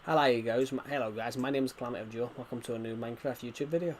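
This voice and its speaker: A man's voice: mid-range voice, racing, a little hiss or hum, natural voice. A man putting on a playful Irish accent as a YouTuber greeting his viewers, hammy and repeating his lines. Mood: jokey. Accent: put-on Irish.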